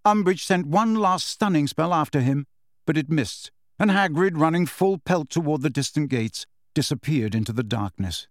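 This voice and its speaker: A man narrating a story in a measured storytelling manner. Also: a little high, expressive, no room sound, clean studio sound. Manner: measured storytelling with shifting character voices. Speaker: audiobook narrator. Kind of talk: scripted narration.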